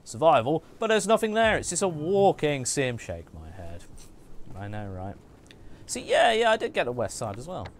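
A man's voice: on the high side, big pitch swings, moderate pace, slight background noise. A man streaming a game, chatting and joking and muttering asides to himself as he plays. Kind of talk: casual gaming commentary.

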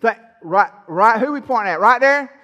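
High-voiced, bright preacher. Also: male voice, expressive, normal speed, in a large hall. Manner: folksy, playful preaching that teases the congregation. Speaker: pastor. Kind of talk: sermon. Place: church sanctuary.

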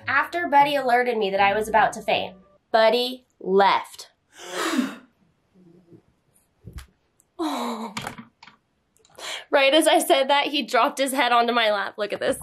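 A young woman tells a story straight to camera in a chatty, animated vlog style, sometimes turning to talk to her dog. Her voice sits a bit high. Soft music plays faintly underneath. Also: a little fast. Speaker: vlogger telling a story about her service dog.

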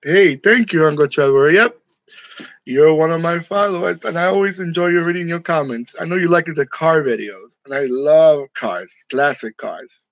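A man's voice: a little high, moderate pace, no room sound, lo-fi sound. A man from New York chatting casually with his viewers, joking and laughing often in a room decorated for Halloween. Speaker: channel host. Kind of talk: casual live chat with viewers.

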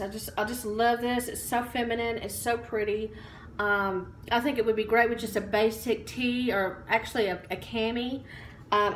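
A woman with a medium-pitched voice records in an echoey room at home, with a little hiss or hum. Standing and out of breath, she chats casually and upbeat in a haul vlog, full of ums and likes.

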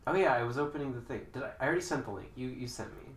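A man streaming a game from a couch, chatting and taunting opponents with sudden loud outbursts. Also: medium pitch, fast talker, hardly any pauses, reverberant, slight background noise. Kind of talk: live gameplay chat. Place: indoors on a couch while house sitting.

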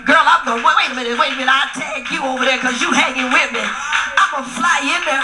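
A middle-aged woman pastor preaching in a call-and-response style, often shouting to the congregation. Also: high voice, fast talker, a loud crowd. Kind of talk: sermon. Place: church hall. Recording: echoey room with music.

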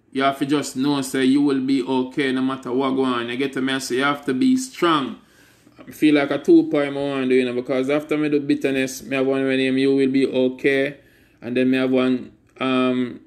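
Emphatic man, spoken word. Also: medium pitch. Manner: rhythmic, emphatic delivery. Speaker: spoken word poet hosting a live stream. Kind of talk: spoken word performance and casual chat.

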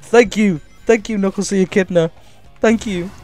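A man streaming a game live, reading chat aloud and thanking viewers with excitable energy, coughing now and then as if ill. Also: high-pitched, takes it slowly, faint music behind.

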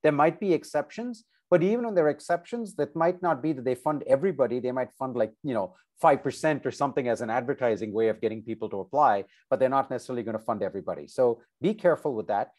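A man's voice: mid-range voice, fast, few pauses. A man, a professor, giving informal advice about graduate school over a video call, chatty and conversational, often checking in with "right?" and "okay?". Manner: animated, conversational, many asides like "right?" and "okay?".

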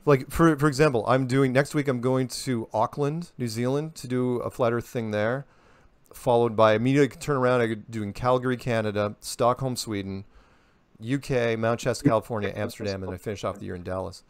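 Animated man answering interview questions. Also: medium pitch, fairly quick, no echo. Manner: animated, talks in rhetorical questions and quips. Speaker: interview guest.

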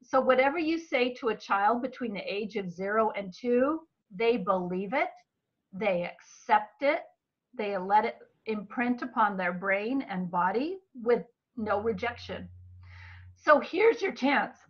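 A woman with a fairly high voice teaches in an earnest, expressive way, a little hoarse from a long talk. The recording is dull and lo-fi, with the top end muffled. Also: a little slow. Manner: earnest and expressive, acting out what parents say to children. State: slightly hoarse, clearing her throat. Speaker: Bible-based mental health teacher.

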